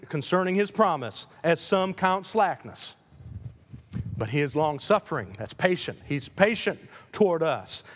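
A man preaching a sermon as pastor, animated, swinging between loud emphasis and quiet asides. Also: sits high. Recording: long hall reverb.

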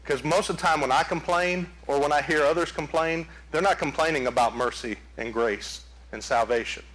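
A man preaching a sermon, telling folksy stories in an animated way. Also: a little high, moderate pace, low-quality recording. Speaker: pastor.

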